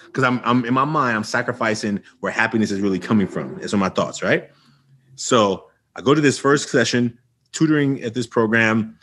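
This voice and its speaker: Husky-voiced man telling an animated story. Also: moderate pace. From Oakland, California. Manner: animated, acts out quoted dialogue with jumps in pitch; frequent restarts and fillers like "you know" and "right". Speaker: podcast guest. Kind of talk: casual storytelling interview.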